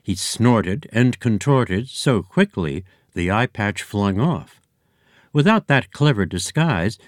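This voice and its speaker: A man reading a children's storybook aloud in a lively, expressive way. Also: lowish voice, dry recording, clean studio sound. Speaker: narrator.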